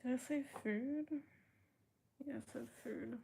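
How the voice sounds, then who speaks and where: A young woman talks slowly and casually to her livestream audience. Her voice is mellow and unhurried, and she reads out comments from chat and answers them with frequent laughs. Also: fairly high pitch, vocal fry, slight background noise. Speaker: livestream host.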